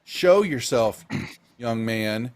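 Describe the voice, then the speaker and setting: A man's voice: mid-range voice, animated, drawn-out words, pitched below the performer's own voice. A man voicing a stern woman who scolds a young man in a tabletop game. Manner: scolding, firm.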